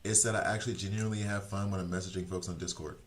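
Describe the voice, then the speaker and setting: Rambling deep-voiced man streamer. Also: fairly even intonation, rapid-fire. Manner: rambling, self-deprecating, frequent fillers and restarts. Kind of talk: casual chat with stream viewers.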